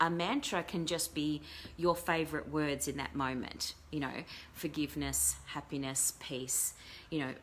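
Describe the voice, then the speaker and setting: A woman's voice: low voice, fairly bright tone. A middle-aged woman hosting a casual talk show as a life coach, chatting in a rambling way with many fillers and restarts. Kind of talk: casual live-stream talk.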